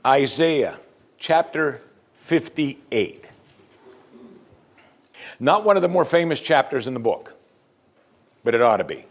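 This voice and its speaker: A male pastor preaching a sermon, building emphasis and pressing his listeners with pointed questions. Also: medium pitch.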